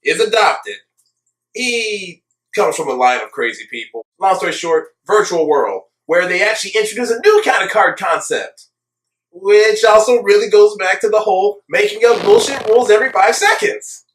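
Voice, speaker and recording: A man's voice: sits high, expressive, normal speed, roomy sound, low-quality recording. A young man giving a casual, sarcastic and exasperated ranting commentary as an anime reviewer, with emphatic delivery.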